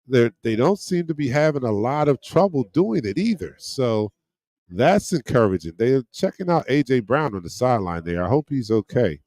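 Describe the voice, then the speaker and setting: Hosting a fan watch-along, a man with a mid-range voice gives casual play-by-play, getting excited on big plays and chatting with viewers and friends. There is no room sound.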